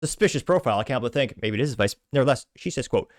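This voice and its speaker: A man hosting a commentary show, reading posts aloud in a casual, self-deprecating way and tripping over words and restarting often. His pitch is ordinary for a man, and the sound is dry and close with no room echo. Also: lively intonation, very fast. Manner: stumbling, self-mocking, many restarts. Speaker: show host.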